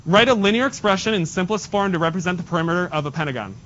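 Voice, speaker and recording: A man's voice: sits high, expressive, racing, fairly bright tone, dull audio. Guy teacher walking the class thru math steps, joking around, faint hiss in a classroom. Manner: talks students through steps, jokey asides. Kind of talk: classroom lesson.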